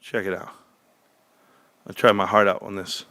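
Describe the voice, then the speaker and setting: A man hosting a livestream, ranting brashly and cursing, swinging from low muttering to shouting excitement. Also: normal speed, no echo. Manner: profane, brash. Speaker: livestream host. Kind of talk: casual livestream rant.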